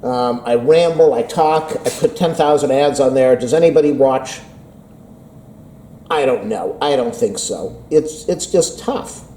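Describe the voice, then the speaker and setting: A man casually vlogs about a phone update, rambling and self-deprecating as if in conversation with himself. He speaks unhurriedly in a mellow, medium-pitched voice, captured by a camera mic across an indoor room with poor audio and a little hiss or hum.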